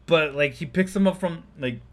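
Speaking at normal speed in a slightly high voice, a man co-hosting a podcast walks through a movie scene by scene in casual chat. He laughs frequently while recapping it.

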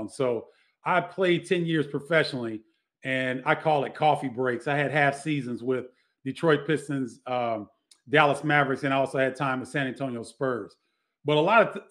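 A man's voice: medium pitch, fairly bright tone. A middle-aged man, a former basketball player, telling stories in a casual interview with many restarts.

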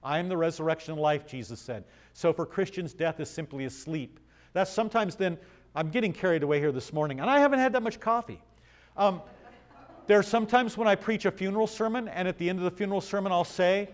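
A man's voice: high-pitched, fast. Conversational male pastor teaching scripture. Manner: conversational, asks the room questions, reads passages aloud. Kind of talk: Bible study sermon.

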